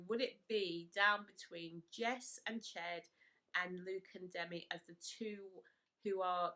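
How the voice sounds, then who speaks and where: A woman chatting to camera, recapping a reality show and retelling it with animated quotes. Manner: animated retelling, voices quotes in a high excited pitch. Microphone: camera mic, speaking to camera.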